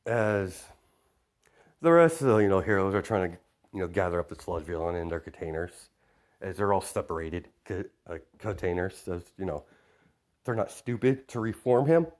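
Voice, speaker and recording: A man with a lowish voice narrating his own fan-made story in a loose, casual way. He rambles and leans on fillers as he explains what happens next. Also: moderate pace, darkish tone.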